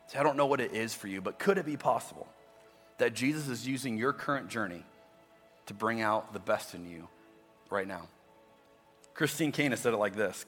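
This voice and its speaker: Male pastor, conversational sermon, repeats words as he restarts, bright voice, large hall. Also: on the low side, moderate pace, pauses often, slightly rough. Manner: conversational preaching with frequent restarts. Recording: long reverb with faint music.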